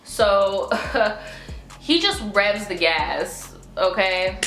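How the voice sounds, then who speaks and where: Animated, foul-mouthed woman telling a story. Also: medium pitch, very slow. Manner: animated, profane, full of "like". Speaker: vlogger. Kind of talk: casual storytime. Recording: roomy echo, faint music.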